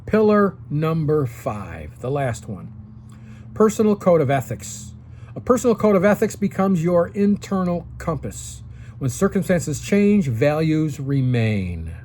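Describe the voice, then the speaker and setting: A man's voice: a little high, very animated, measured pace, darkish tone, slight background noise. A man in his sixties giving casual advice to seniors straight to the camera, coaching and often checking in with "okay?". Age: 60s.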